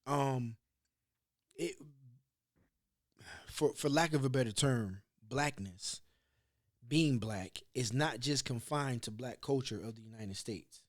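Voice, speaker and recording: A man's voice: medium pitch, slow pace, long pauses. A man hosting a podcast, telling rambling, profane stories in casual chat. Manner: rambling storyteller, loose and profane. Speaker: podcast host.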